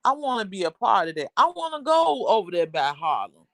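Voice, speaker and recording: A woman's voice: medium pitch, sing-song, fairly quick, no echo, studio quality. A woman hosting a casual livestream, chatting with viewers in a rambling, talkative way. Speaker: livestream host.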